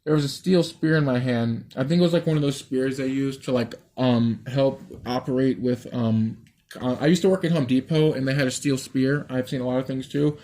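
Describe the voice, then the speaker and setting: A man's voice: mid-range voice, fairly even intonation, a little fast, dark tone. A man casually reading out his dream story, rambling, swearing and breaking off into asides.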